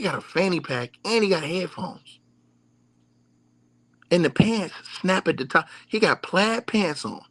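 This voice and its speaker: Man, livestream host: mocking sports rant, swinging pitch, bone-dry sound. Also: animated, unhurried, pauses often, fairly bright tone, no room sound. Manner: mocking, repetitive, talks straight to the audience. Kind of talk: animated sports rant to viewers.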